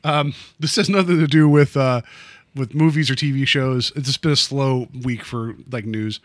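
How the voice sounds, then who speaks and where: A man's voice: medium pitch, steady tone, normal speed, no echo. A man hosting a podcast, chatting casually and rambling with lots of fillers and restarts. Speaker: podcast host. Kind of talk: casual chat.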